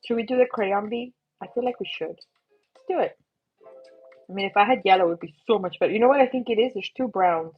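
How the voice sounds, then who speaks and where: A young woman hosting a casual live drawing stream, bubbly and excitable, chatting to viewers as she draws. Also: mid-range voice, quick pace, few pauses, breathy edge. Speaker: livestream doodling host. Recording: slightly muffled, faint music behind.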